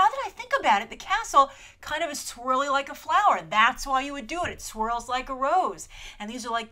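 A woman hosting a trailer review show, talking in a chatty, animated way with lots of asides and playful mock voices. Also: high-pitched. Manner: chatty and animated, full of asides and filler words; playful, slips into mock voices when quoting. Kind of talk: casual trailer review commentary.

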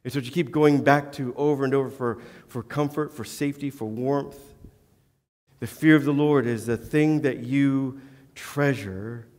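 Delivering his sermon in a church sanctuary, a male pastor speaks earnestly at a measured pace, his medium-pitched voice a little mellow. He adds flashes of self-deprecating humor, and long church-hall reverb colors the sound.

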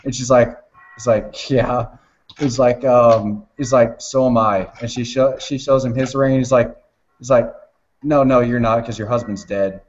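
A man's voice: medium pitch, steady tone, normal speed. Rambling, swearing man with a lo-fi sound. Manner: rambling, swears often, laughs while retelling. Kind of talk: casual chat.

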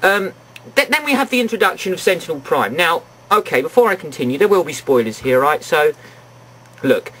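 A man rants through a film review in a high, husky voice, full of exasperation and sarcasm. His pitch swings widely as he complains. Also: very animated, fairly quick, a bit bright.

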